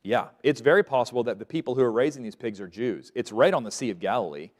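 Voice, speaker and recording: A man's voice: medium pitch, expressive, fast talker. A man teaching a Bible lesson to a class, asking questions and letting them fill in the answers. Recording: long reverb of a large room.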